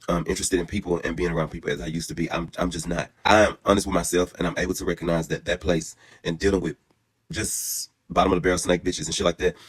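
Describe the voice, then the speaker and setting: Fast, brassy, profane male storyteller. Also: low-pitched, slightly rough. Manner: animated, profane, brassy and dramatic; calmer and reflective later on. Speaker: storyteller vlogger. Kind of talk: casual story time.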